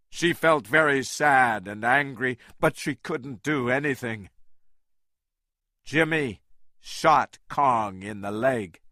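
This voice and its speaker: A man reading a graded English-learner storybook aloud, slow and clearly articulated for learners, on a close studio mic. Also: medium pitch, bright, forceful tone, no echo. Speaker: audiobook narrator.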